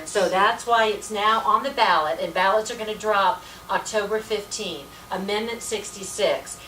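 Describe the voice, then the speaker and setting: A woman's voice: mid-range voice, normal speed, pushed and bright. A woman speaking as a volunteer at a political meeting, talking in an emphatic, folksy way with lots of repetition. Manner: emphatic, folksy, repetitive "let me tell you". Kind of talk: informal political presentation. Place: meeting room. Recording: echoey room, distant mic, faint hiss.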